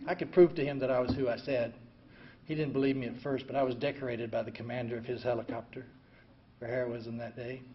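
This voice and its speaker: An older man telling his own recovery story in an emotional way, going from hushed to loud. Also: medium pitch, little pitch movement, quick pace. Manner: emotional, swings from quiet to loud and laughing. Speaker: veteran speaker sharing a recovery story. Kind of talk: personal storytelling talk. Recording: dull lo-fi recording, faint ambient noise.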